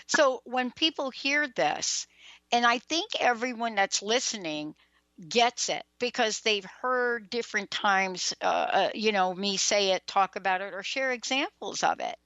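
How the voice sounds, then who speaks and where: A woman hosts a radio talk show, asking questions in a chatty, animated way. Her voice sounds a little dull, without full brightness. The sound is dry and close. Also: mid-range voice, unhurried, dry recording. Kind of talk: radio interview.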